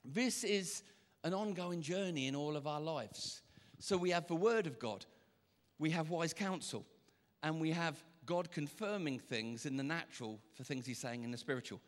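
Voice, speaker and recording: A man preaching a lively sermon as pastor, acting out the voices he quotes. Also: a little high, moderate pace. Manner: animated, acts out quoted voices. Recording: reverberant church hall.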